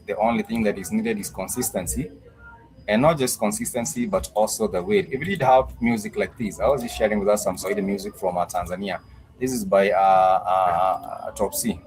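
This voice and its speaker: Low-voiced man teaching a language class. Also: a little mellow, a little hiss or hum, low-quality recording. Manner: patient, repeats phrases for drilling; pauses with frequent "uh" fillers. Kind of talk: live-streamed language class.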